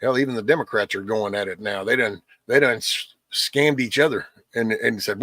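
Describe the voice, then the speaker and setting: A man's voice: on the low side, quick pace, few pauses, bright, forceful tone, dry recording, clean studio sound. A man hosting a casual livestream, rambling bluntly with lots of cussing and a preachy edge. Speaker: livestream host.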